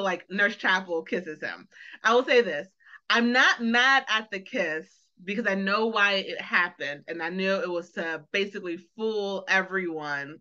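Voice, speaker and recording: Bright-voiced woman chatting on a lo-fi podcast. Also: medium pitch. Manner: animated, acts out characters' lines, laughs often. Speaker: podcast co-host. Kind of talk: casual chat reviewing a TV episode. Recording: dull lo-fi sound.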